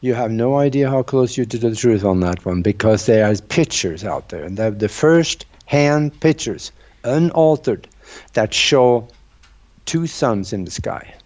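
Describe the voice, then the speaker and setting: A man with a mellow, dark voice talks earnestly, walking the listener through his ideas like someone sharing a secret. The sound is dull and lo-fi. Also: medium pitch, expressive, unhurried. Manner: earnest, explanatory, storytelling. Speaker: guest researcher. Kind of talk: conversational interview.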